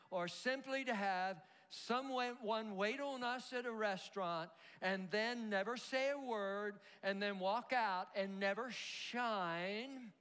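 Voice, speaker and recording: A man preaching a sermon as pastor, animated, leading the congregation in call-and-response. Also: high voice, clear, resonant tone. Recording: long hall reverb.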